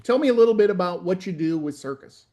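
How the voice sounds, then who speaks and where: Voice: medium pitch, animated, quick pace, dark tone. An interviewer putting friendly, casual questions to a band.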